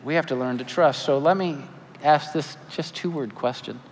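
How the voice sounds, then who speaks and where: A man in his forties preaching a sermon as pastor, animated with joking asides and earnest appeals. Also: fairly high pitch, moderate pace, a little hiss or hum. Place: church sanctuary. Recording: church hall reverb, faint ambience.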